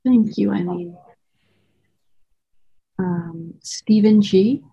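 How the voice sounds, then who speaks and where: Woman chair, slow and husky, muffled lo-fi audio. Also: medium pitch, dark tone. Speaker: meeting chair. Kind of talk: calling on speakers.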